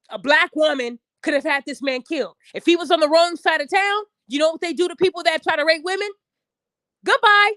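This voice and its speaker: A woman's voice: very high-pitched, fairly quick, bright, forceful tone, no echo. A woman podcast host delivering a heated, profane opinion rant straight at her listeners. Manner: addresses listeners directly.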